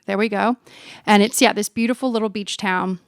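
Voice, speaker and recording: A woman's voice: medium pitch, steady tone, brisk, clean tone, no echo, clean studio sound. A woman from Australia with a mostly American-sounding accent, hosting her podcast in a chatty, self-deprecating monologue that laughs at itself. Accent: American-sounding with a light Australian touch. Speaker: podcast host. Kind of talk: casual monologue.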